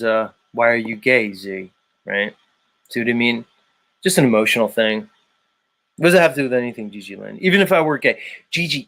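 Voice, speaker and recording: A man's voice: medium pitch, creaky, fairly bright tone. A man hosting a livestream in a casual chat, reading out viewers' names and arguing his points. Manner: reads out chat names, argumentative. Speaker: livestream host.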